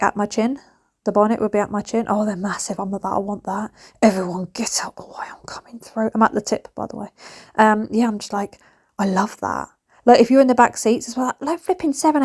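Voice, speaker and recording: A woman, chatting casually and rambling through a home vlog with laughing asides. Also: medium pitch. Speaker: vlogger. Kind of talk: casual chat.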